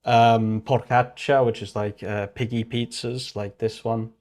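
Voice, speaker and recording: A British man with a mid-range, slightly mellow voice speaks in a flat, unhurried way on a casual livestream. He mutters his thoughts while working, drifting between ideas and self-correcting.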